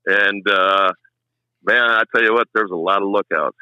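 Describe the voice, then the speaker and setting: A middle-aged longtime race track announcer with a lowish, clear, resonant voice tells stories at normal speed in a casual chat, animatedly acting out what people said. The recording has no room sound and its highs are cut off.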